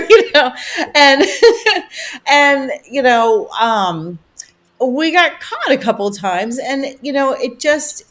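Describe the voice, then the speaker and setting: A woman talking as a podcast guest in casual conversation, chatty and rambling, with plenty of "you know" and animated retellings. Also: high voice, slow pace. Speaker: podcast guest, vacation rental owner.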